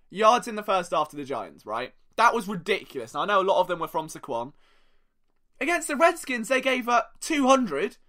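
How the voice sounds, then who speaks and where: A young man hosting a sports podcast, telling stories in a sarcastic, joking way. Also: high voice. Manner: animated, sarcastic storytelling. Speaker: podcast host. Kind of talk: casual sports podcast monologue.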